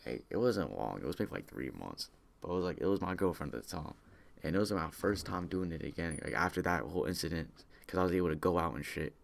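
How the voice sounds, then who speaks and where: A young man talks in a very deep register with a gravelly, fried edge. He tells his story loosely and casually, stacking slang, fillers and half-finished restarts. It is unscripted storytelling. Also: animated, fast talker. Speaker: vlogger telling personal stories.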